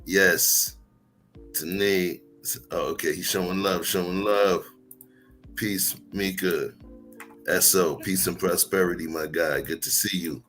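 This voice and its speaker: A man hosting a livestream, talking slowly in a low, relaxed voice as he greets his chat by name. Faint music plays under him. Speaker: livestream host. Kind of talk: casual chat.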